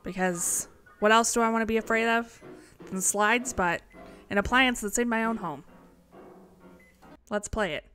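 A woman's voice: on the high side, measured pace, pauses often, bright, forceful tone. A woman hosting a horror game let's play, jumpy and chatty, talking to the game's objects and squealing when startled. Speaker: gaming channel host. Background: eerie game music.

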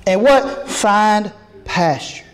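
A man, preaching a sermon in a folksy, animated way and acting out little dialogues with God. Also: high-pitched, extremely slow, echoey room. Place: church sanctuary.

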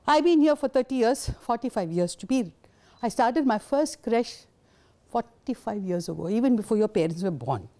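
A woman's voice: a little high, animated, moderate pace, warm tone. An older woman, giving a passionate, indignant conference talk. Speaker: invited speaker.

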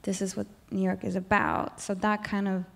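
A woman from Sweden in her thirties speaks at an everyday pitch, talking loosely and candidly as an interview guest on stage. Her sentences ramble and restart, filled with "like", and she laughs often. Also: level tone, moderate pace, vocal fry. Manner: candid, rambling, heavy use of "like", frequent laughs. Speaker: guest singer. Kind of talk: onstage interview, candid casual talk. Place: stage in front of a live audience.

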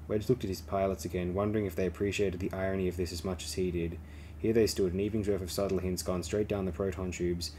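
Deep-voiced male audiobook reader. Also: little pitch movement, quick pace, mellow, a little hiss or hum. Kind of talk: audiobook narration.

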